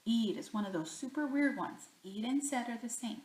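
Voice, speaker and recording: Her voice is a little high and darkish in tone, animated and at normal speed, as this woman gives a Spanish grammar lesson. She talks through each example herself and answers the questions she poses. The recording has an echoey room sound.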